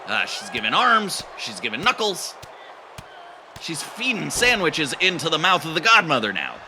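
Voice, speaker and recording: Brief: man calling comedy wrestling, rambling deadpan delivery, lively pitch, noisy recording. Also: normal speed. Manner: deadpan, rambling, full of fillers. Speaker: play-by-play commentator. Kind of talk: improvised comedy wrestling commentary. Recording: noisy background.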